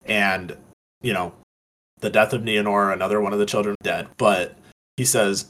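A man's voice: fairly low pitch, fairly even intonation, moderate pace, fairly bright tone. A young man co-hosting a casual book podcast, musing thoughtfully with loose, hedging phrasing. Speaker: podcast co-host.

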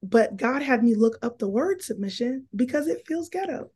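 A woman in casual podcast conversation, telling faith stories in an animated, preaching way. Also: on the high side, moderate pace, husky. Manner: animated, preachy, emotional storytelling.

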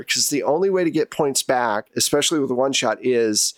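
A man acting as game master, explaining the rules to his players in a relaxed, conversational way. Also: medium pitch, moderate pace, few pauses, dry recording.

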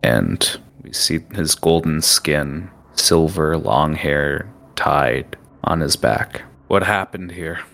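Deep male game master, narrating scenes, some stumbles. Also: slow, gravelly, few pauses, a bit bright. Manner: descriptive, with restarts.

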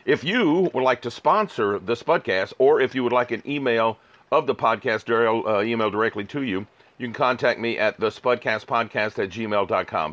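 An older man hosts a podcast in a laid-back, rambling drawl, chatting casually and reading ads. His mid-range voice has a fairly bright tone and a moderate pace, and the audio is dull with no room sound.

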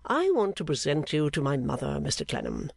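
A man voicing an airy, cynical gentleman painter who talks with breezy enthusiasm. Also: a little high, huge pitch swings, a little fast, creaky, slightly rough, dry recording, studio quality, full character voice.

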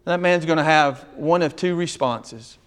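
A man's voice: on the high side, measured pace, clean tone. A male pastor preaching a sermon, telling stories with emphatic delivery and acting out dialogue.

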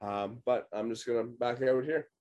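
A man's voice: medium pitch, normal speed, darkish tone, lo-fi sound. A man joking around in a casual chat among friends, laughing often.

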